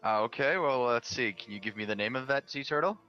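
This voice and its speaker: A man's voice: medium pitch, fast, no room sound, dull audio, soft background music. A man playing a tabletop game, asking curious questions in character. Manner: curious, asks many questions, lively. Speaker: player.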